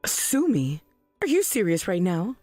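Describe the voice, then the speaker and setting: A woman voicing an indignant middle-aged mother in a text-message drama, dramatic with sweeping pitch swings. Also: very animated, unhurried, a little mellow, dry recording, faint music behind. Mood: defensive.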